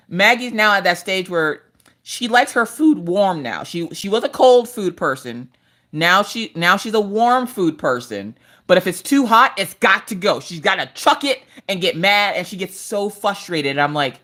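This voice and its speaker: A woman in her thirties hosting a craft livestream, telling animated family stories in casual chat. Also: normal speed. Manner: animated storytelling, jumps to high squeals in quoted voices.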